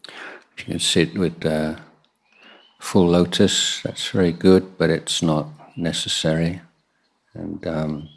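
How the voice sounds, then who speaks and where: A Buddhist monk teaches meditation in a guided talk, his voice very low and even. He speaks slowly and unhurriedly, pausing often with soft fillers.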